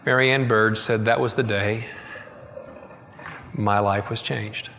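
A middle-aged man preaching a sermon, telling a story and quoting it with slow, soft emphasis. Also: on the low side, steady tone, big-room sound. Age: middle-aged or older. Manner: storytelling, quoting, slowing and softening for tender moments. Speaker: pastor.

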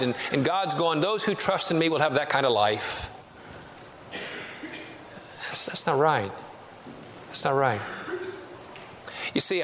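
A man's voice: medium pitch, a bit bright. A male pastor preaching a sermon, telling a story and building to emphatic passages. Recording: long reverb in a large hall, faint noise.

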